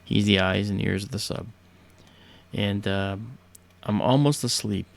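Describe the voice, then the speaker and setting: A man's voice: on the low side, a little slow, gravelly. A man hosting a livestream, telling a story casually in a hesitant way full of fillers and restarts. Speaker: livestream host.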